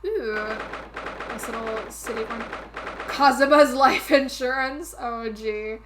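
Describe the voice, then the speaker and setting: A woman's voice: a little high, steady tone, slow, background noise. A woman streaming a video game and musing aloud in a rambling, casual way. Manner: rambling, musing, laughs at herself. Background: game music.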